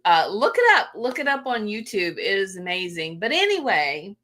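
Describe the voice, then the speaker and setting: Greeting her audience on a casual livestream, this woman gushes with emotion and scatters fillers throughout. Her mid-range voice swings widely in pitch, moves at a normal speed, and comes across bright and forceful.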